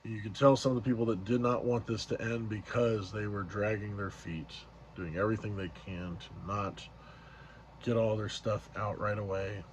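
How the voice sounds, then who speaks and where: A male vlogger with a lowish voice and steady tone casually recaps an event at a moderate pace. He rambles with lots of fillers and restarts, and there's slight hiss or hum in the recording.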